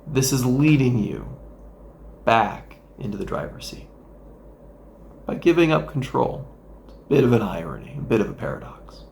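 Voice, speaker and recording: Male therapist, gravelly mid-range voice, gentle instructional guide with playful asides. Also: medium pitch, very animated, normal speed, pauses often, a little hiss or hum. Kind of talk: instructional talk with guided exercise.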